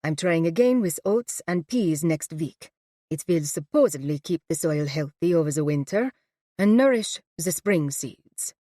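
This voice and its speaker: A woman's voice: low voice, lively intonation, unhurried, warm tone, no echo, clean studio sound. A woman voicing a stubborn elderly grandmother with a thick German accent in an audiobook. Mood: brusque. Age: older.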